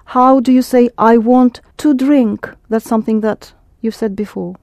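A woman's voice: on the high side, fairly even intonation, unhurried, a little mellow, no echo, studio quality. Patient woman teaching a language lesson. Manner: patient, explaining step by step.

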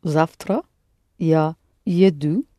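A woman answering as a student in a Russian lesson, careful and halting, word by word. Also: deep voice, dark tone, no echo, clean studio sound. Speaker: language student. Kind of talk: lesson practice.

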